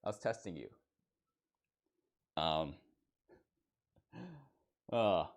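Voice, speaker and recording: Playful young male streamer, lively voice. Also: a bass voice, very slow. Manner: playful, joking, laughs often. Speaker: streamer playing a teacher persona. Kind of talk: casual live-stream chat.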